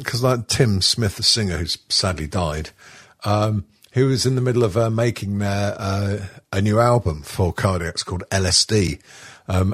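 Husky, sweary British man chatting. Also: on the low side, dry recording, studio quality. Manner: sweary, rambling, laughing often. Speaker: podcast host. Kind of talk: casual chat.

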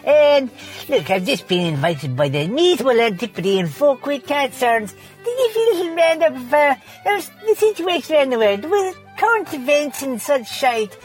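A man's voice: very high voice, very animated, moderate pace. Comic character: man putting on a foul-mouthed, ranting grump, voice lurching up and down, faint music underneath. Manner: profane, ranting, mocking. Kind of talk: comedic character rant.

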